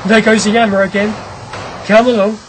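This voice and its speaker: A narrator voicing a brisk, commanding ironworks owner. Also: medium pitch, flat delivery, a little hiss or hum, close to an everyday voice. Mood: eager. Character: ironworks owner, a grim restless man. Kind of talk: audiobook character reading.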